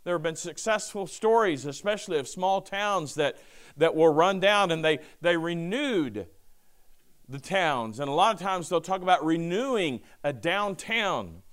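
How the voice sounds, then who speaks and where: Brief: male pastor, sermon delivery, high and animated, smooth clear voice. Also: unhurried. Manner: lively preaching with asides and quoted scripture.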